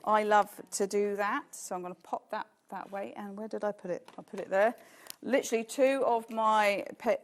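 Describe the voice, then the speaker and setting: A woman demonstrates her own craft products on a live shopping show in a studio. She chats casually and enthusiastically while she works. Her voice sits at a middle pitch. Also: steady tone, moderate pace.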